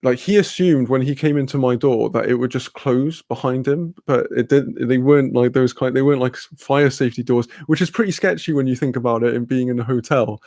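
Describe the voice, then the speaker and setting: A man's voice: mid-range voice, brisk, hardly any pauses, darkish tone, dry recording, studio quality. A young man telling a rambling, sweary story in casual chat, laughing often. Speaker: channel host.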